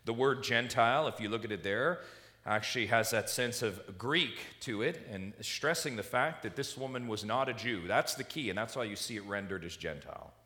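Emphatic male preacher, bright tone. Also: on the low side, normal speed. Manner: emphatic, rhetorical questions to the congregation. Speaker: pastor. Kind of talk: expository sermon.

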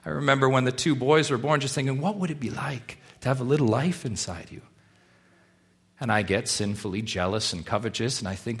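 A man preaching a sermon to his congregation, asking rhetorical questions and swinging from hushed, slow stretches to loud, emphatic ones. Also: medium pitch. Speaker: pastor.

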